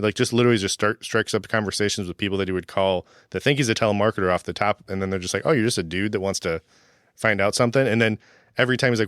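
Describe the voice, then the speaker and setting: A man with a lower, smooth and resonant voice tells easygoing anecdotes on a podcast. His delivery is relaxed, and the sound is dry and close. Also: fast talker, no room sound. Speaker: podcast co-host. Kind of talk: casual chat.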